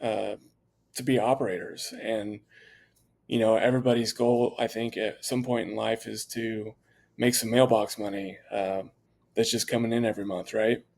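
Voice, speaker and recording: With a lowish, darkish voice, a steady tone and some vocal fry, a franchise owner speaks at a moderate pace as a podcast guest. He explains his business candidly, confident and conversational, with frequent fillers and restarts.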